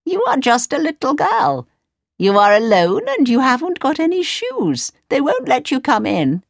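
Storybook raven, kind and wise, high and lively, dry close sound, a woman reading it. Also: normal speed, creaky, no echo, full character voice. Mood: kindly.

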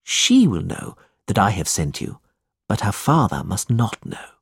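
A gentle, generous old benefactor, as a man voices him in a storybook reading. His lines rise and fall broadly, slightly husky, heard close and dry in the recording. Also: lowish voice, sing-song, measured pace, dry recording, exaggerated voice. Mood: earnest.

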